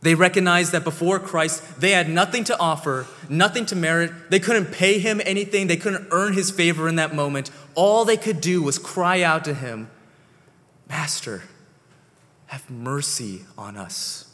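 A man preaching a sermon as pastor, slow and deliberate, his phrases sinking soft at the ends. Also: high-pitched. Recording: long hall reverb.

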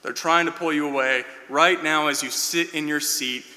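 Earnest pastor guy preaching, really bright sharp voice, big echoey church hall. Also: a little high, steady tone, moderate pace. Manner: earnest, builds in waves, drops soft for quoted words. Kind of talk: sermon. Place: church sanctuary. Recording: long hall reverb.

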